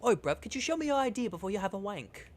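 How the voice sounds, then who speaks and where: A man's voice: high-pitched, sing-song, fast, voice pushed up. A man voicing a mocking British bloke with a put-on British accent, bossy and slangy about permits.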